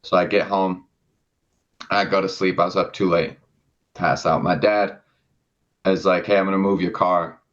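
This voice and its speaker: Young guy, deep voice, rambling sweary story, kinda muffled lo-fi audio. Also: fairly even intonation, normal speed, long pauses, a bit bright. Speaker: podcast co-host. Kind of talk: casual storytelling chat. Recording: dull lo-fi sound.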